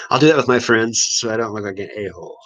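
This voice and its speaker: Casual livestream host, man from Missouri, slightly low voice, easygoing and rambling. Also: a bit bright, poor audio. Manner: laid-back, rambling, chuckles often. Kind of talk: casual live chat with viewers.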